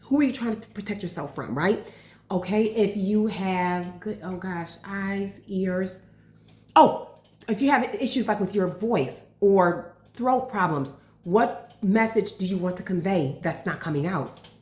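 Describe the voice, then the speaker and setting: With a medium-pitched, slightly slow voice, a vlogger who works as a health and life coach chats through a home cooking video. She's nervous and excitable, full of gasps and "oh gosh," while the kitchen echoes with faint frying in the background.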